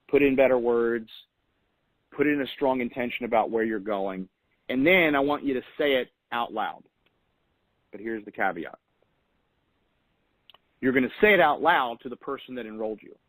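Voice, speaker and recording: A man's voice: mid-range voice, no echo. Earnest man coaching on a dry phone line. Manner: earnest, repeats key phrases for emphasis. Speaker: motivational host of a weekly huddle call. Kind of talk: motivational coaching talk. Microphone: phone call.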